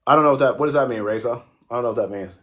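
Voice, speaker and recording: A male livestream host chatting loosely with his viewers. He jokes, swears freely and talks back to comments as they arrive, in an easygoing, mid-pitched voice. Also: racing, fairly bright tone. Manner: profane, joking, reacts to chat. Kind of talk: casual livestream chat reading comments.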